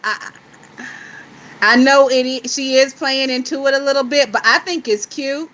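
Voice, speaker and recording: Woman ranting about a tv show, cussing a lot, bright voice pitched a bit high. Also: normal speed, low-quality recording. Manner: profane, blunt and animated, laughs often. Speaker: YouTube gossip host. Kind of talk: casual TV show recap chat.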